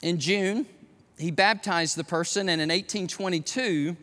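A man preaching a sermon to his church as pastor, swinging between loud exhortation and quiet emphasis. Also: high voice, measured pace. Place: church sanctuary. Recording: long hall reverb.

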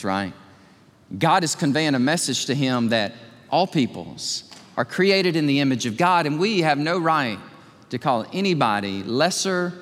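A man preaching a sermon in a church, acting out voices with big swings of pitch. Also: a bit bright, long reverb tail. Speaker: pastor. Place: church sanctuary.

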